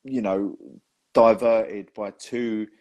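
A man's voice: lowish voice, steady tone, slow, darkish tone. A man hosting a podcast, telling stories in a chatty way and laughing often. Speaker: podcast host. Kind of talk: casual chat.

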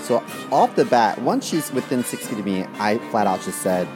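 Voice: medium pitch, sing-song, normal speed, a little mellow, faint music behind. Blunt, profane podcast storyteller. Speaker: podcast co-host. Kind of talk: casual comedic chat.

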